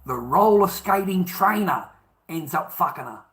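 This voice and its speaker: A man's voice: on the high side, expressive, unhurried, a bit bright. A man with an Australian accent, telling a personal story in a profane, emphatic rant that repeats points for emphasis.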